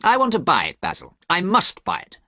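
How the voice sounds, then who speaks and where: Man doing a confident aristocratic gentleman. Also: sits high, a little fast, no room sound, clean studio sound, voice pushed up, full character voice. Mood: eager. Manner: emphatic, animated.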